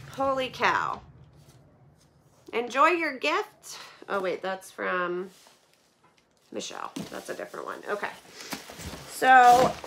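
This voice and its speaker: A woman vlogger opening donation boxes and chatting to her viewers in a gushing, excitable way. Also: high voice, noisy background. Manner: gushing and excitable, repeats "oh my gosh" and "holy cow". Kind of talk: casual chat to viewers.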